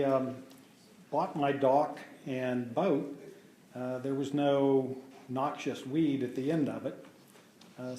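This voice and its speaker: A man giving public comment at a meeting, measured and hesitant with frequent fillers. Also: medium pitch, warm tone, a little hiss or hum. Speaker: resident speaking at public meeting. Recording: echoey hall.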